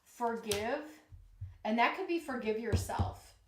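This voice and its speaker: A woman giving a live-streamed tarot reading in a slow, soothing, reassuring way, tired from jet lag. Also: on the high side, expressive. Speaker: tarot reader. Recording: echoey room with clear background noise.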